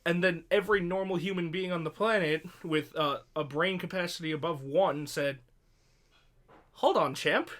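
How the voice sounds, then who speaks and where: A man's voice: on the high side, fairly even intonation, a little fast, few pauses, a bit bright. A young man co-hosting a casual podcast, rambling and sarcastic with frequent swearing. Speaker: podcast co-host. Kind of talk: casual chat.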